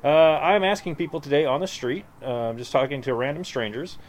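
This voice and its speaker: Street interviewer: man, upbeat, lively and slightly high, recorded outdoors. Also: a little fast, a little hiss or hum. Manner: lively, upbeat, laughs often.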